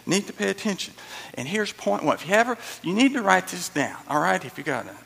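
A man preaching with a high, swooping voice that carries a husky, gravelly edge. He repeats phrases for emphasis and acts out little quotes. The sound rings with the long reverb of a big hall. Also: sing-song, brisk, a bit bright. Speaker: pastor. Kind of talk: sermon.

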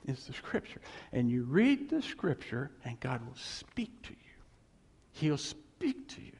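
A man preaching in a storytelling sermon style, animated and laughing as he acts out what others said to him. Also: medium pitch, slow, breathy edge. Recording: long hall reverb.

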